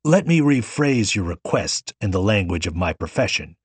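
A man reads as a cool male hitman in an audiobook, his lines measured and businesslike. The voice is low and husky, set in a dry, close room. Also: big pitch swings, no room sound. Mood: calm. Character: cool, formal male hitman of few words.

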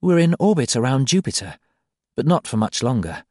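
A man voicing a gentle, anxious woman in an audiobook, speaking softly and quietly. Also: mid-range voice, sing-song, brisk, dry recording, studio quality, voice pushed up. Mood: tender. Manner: soft, quiet. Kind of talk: audiobook character voice.

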